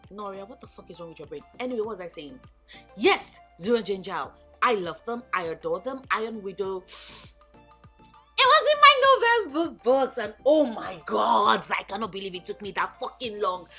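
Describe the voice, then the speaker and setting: A woman chatting casually in a vlog, animated and gushing, swearing freely. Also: mid-range voice. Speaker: book YouTuber. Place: home in Lagos.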